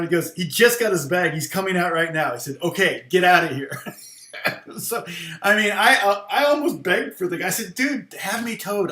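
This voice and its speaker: Middle-aged male teacher, slightly high voice, loose rambling anecdotes with chuckles, roomy sound. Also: fairly bright tone. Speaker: guitar teacher. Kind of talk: casual storytelling.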